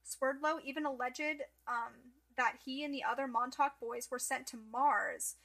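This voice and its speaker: High, bright-voiced young woman chatting. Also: unhurried, gravelly. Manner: chatty, peppered with "like". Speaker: podcast co-host. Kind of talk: casual podcast chat.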